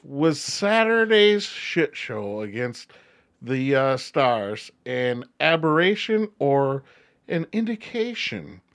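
A man's voice: mid-range voice, big pitch swings, slow pace, a bit bright. A man co-hosting a casual sports podcast, reading listener questions and laughing often at himself. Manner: laughs a lot, self-mocking.

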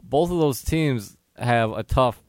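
A man's voice: medium pitch, lively intonation, slow pace, dry recording, studio quality. A man co-hosting a casual sports podcast, running through schedules and standings in a matter-of-fact way. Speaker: podcast co-host.

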